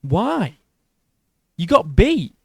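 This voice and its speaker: A man's voice: high voice, wildly swooping pitch, drawn-out words, gravelly, a bit bright, slightly rough, dry recording. Blunt, mocking male commentator. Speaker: boxing commentator. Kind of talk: reaction commentary.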